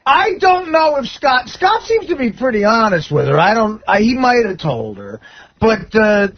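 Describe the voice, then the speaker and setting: A man's voice: very high-pitched, sing-song, moderate pace. Rambling man telling a story on the radio. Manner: rambling, laughing anecdote teller with quoted voices. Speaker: radio show regular. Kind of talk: casual storytelling on talk radio. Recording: dull lo-fi radio broadcast.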